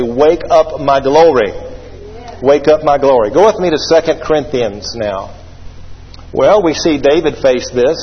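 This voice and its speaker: A male pastor, preaching an animated sermon and leading the congregation in call-and-response. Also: a little high, a little hiss or hum. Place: church sanctuary. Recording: echoey hall, dull lo-fi sound.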